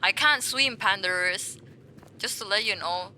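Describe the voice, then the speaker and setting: A woman's voice: medium pitch, unhurried, sharp tone, a little hiss or hum. A woman streaming a game, chatting with viewers in a playful, teasing way. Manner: playful, teasing, talks back to chat. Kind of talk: casual gaming stream chat.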